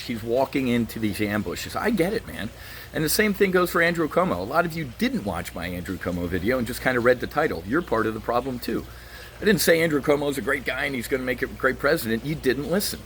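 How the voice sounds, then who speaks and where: Blunt, ranting man with lively pitch. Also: fast, slight background noise. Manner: blunt, ranting, sarcastic, with many restarts. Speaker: market commentary host. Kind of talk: opinionated solo commentary.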